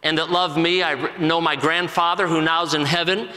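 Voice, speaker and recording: A man in his forties gives an earnest testimony from the pulpit, his voice bright and forceful and a little high for a man. He halts and restarts often. A long reverb from the church hall hangs behind his words. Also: steady tone. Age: 40s. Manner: earnest, halting with many restarts. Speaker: assistant pastor. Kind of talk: personal testimony sermon.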